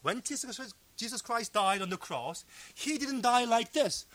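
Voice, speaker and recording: At a fellowship meeting, a pastor preaches a sermon in English, which isn't his first language. He swings between loud cries and hushed, low tones, speaking expressively at a moderate pace with few pauses.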